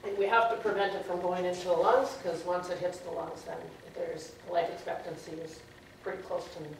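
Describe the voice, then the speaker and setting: A middle-aged woman telling a personal story to a live audience, halting and often repeating herself. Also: lowish voice, little pitch movement, slight background noise. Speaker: storyteller at a public talk. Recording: very echoey room from a distant mic.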